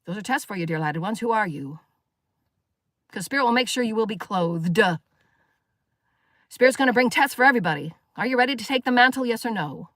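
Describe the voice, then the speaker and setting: A woman's voice: a little high, expressive, fairly quick, long pauses, fairly bright tone, no room sound, studio quality. A woman giving a live spiritual sermon, preaching emphatically and firing rhetorical questions at her listeners. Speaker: spiritual teacher.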